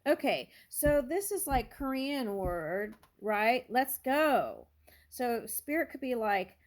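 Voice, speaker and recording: A woman's voice: on the high side, very animated, slow pace. A woman doing a casual tarot reading, thinking aloud and musing over each card with small exclamations. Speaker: tarot reader.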